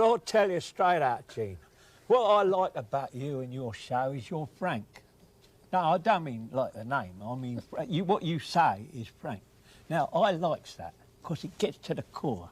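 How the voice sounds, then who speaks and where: A man doing a husky old Cockney geezer. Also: on the high side, sing-song, unhurried, voice pushed up, exaggerated voice. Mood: folksy.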